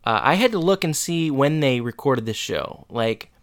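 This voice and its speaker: A male podcast co-host chatting casually through an episode recap. His pitch swings widely as he acts out lines. The sound is dry and close, with no room echo. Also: normal speed. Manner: animated, acts out quotes.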